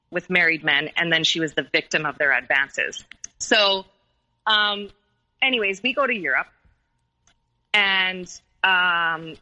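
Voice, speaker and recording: A woman's voice: on the low side, bright, forceful tone, rough recording. A woman recounting a painful personal story in an interview, hesitant and full of fillers and restarts. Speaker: guest telling her story.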